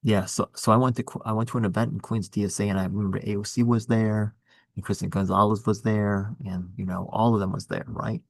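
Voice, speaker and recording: A political candidate chats casually about his campaign, rambling earnestly and restarting often. His lowish voice is flat, a little fast and creaky, with no room sound.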